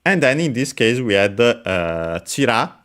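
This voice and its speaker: A man teaching Japanese vocabulary while playing a game, explaining carefully in halting phrases full of pauses and fillers. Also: medium pitch, big pitch swings, fairly bright tone. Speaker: language teacher.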